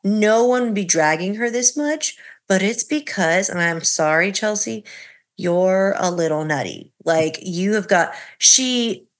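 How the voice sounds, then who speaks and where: A woman co-hosting a podcast, chatting casually about reality TV and acting out what people said. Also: measured pace. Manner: animated, acts out quotes with high pitch jumps. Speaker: podcast co-host.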